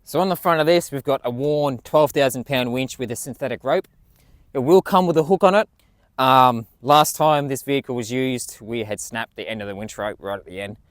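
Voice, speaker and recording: A man's voice: mid-range voice, moderate pace, no echo. A man walking through his vehicle build in a casual, enthusiastic way, swearing freely. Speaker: vlogger.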